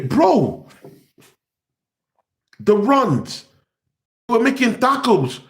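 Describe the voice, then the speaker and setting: Ranting young man. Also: high-pitched. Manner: exasperated ranting, repeats himself. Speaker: football fan channel host. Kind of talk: ranting fan reaction. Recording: echoey room.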